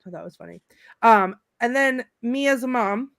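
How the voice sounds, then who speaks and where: A woman's voice: on the high side, lively intonation, moderate pace, gravelly, fairly bright tone, dry recording, studio quality. A middle-aged woman on a podcast panel, chatting casually, laughing often and reading favorite movie quotes aloud with relish.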